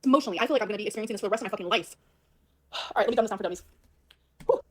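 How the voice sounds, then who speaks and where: A woman on a livestream ranting fast and emphatically, swearing a lot as she tells her side of a fight. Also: medium pitch, slight background noise. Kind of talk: venting livestream rant. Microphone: livestream mic.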